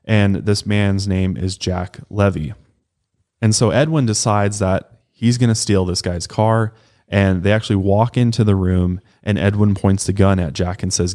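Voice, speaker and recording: A man's voice: deep voice, unhurried. A man co-hosting a podcast, casually recounting a true-crime case and swearing now and then. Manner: relaxed, swears casually, acts out quotes. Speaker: podcast co-host.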